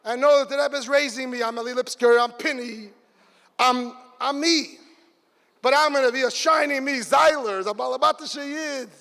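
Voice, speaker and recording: Middle-aged man, high-pitched, animated storyteller at a community gathering, reverberant hall. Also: normal speed. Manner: lively storytelling, shifts into excited exclamations. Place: large event hall. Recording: long reverb of a big hall.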